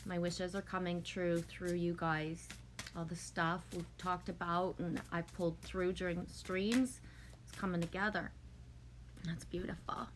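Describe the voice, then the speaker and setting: A woman with a fairly low voice hosts a casual livestream. She chats with her audience and answers their comments in a warm, emotional way. A faint background noise sits under her voice. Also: level tone, unhurried. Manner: chatty, emotional, reads and answers viewer comments. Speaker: livestream host. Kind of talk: casual chat with a live audience.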